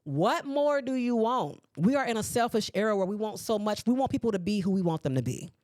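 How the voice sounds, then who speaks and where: A woman in her forties hosting a podcast, ranting at her listeners in a sassy, animated way. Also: mid-range voice, fairly quick, no room sound, clean studio sound. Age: 40s. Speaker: podcast host. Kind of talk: solo podcast commentary. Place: podcast recording space.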